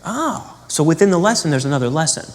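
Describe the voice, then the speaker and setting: A man giving a spiritual teaching in an animated, conversational way, asking rhetorical questions and acting out quotes. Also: mid-range voice, brisk, in a large hall.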